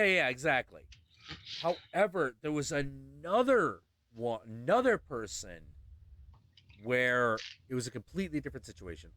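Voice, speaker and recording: A man hosting a show, telling a story in casual chat, swearing and acting out the people in it. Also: medium pitch. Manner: animated, profane, acts out voices in his stories. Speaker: podcast host.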